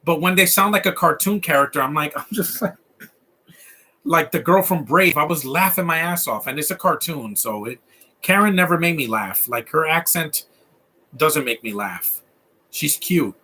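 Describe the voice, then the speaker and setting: Latino guy rambling thru a film commentary stream, bright kinda husky voice, lots of restarts. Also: on the high side, moderate pace. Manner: rambling, frequent restarts, animated about accents. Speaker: live stream host.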